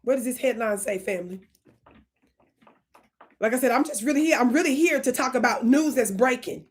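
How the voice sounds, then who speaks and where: This channel host has a husky voice on the high side and talks at a normal speed. Her monologue is fiery and preachy, scolding the audience, lingering on words for emphasis, and repeatedly asking if they're listening.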